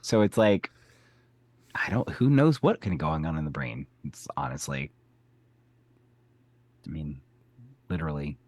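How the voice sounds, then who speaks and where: A man's voice: extremely low pitch, a little slow, long pauses, darkish tone, no echo. A man co-hosting a podcast, chatting casually about a TV episode with wry, quipping remarks. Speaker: podcast co-host.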